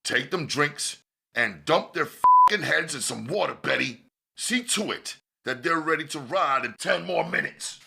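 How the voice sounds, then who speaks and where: A man's voice: a bass voice, a little slow, vocal fry, pushed and bright, slight background noise, exaggerated voice. A man voicing a hard, commanding gang leader in an audiobook, barking blunt, profane orders. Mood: angry. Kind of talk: audiobook character voice.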